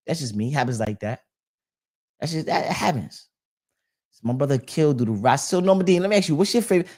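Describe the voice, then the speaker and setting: A man's voice: mid-range voice, a little mellow. Guy hosting a podcast, chill slangy talk, keeps restarting sentences. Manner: loose slangy talk with many restarts and fillers. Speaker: podcast host reading live chat. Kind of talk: casual chat.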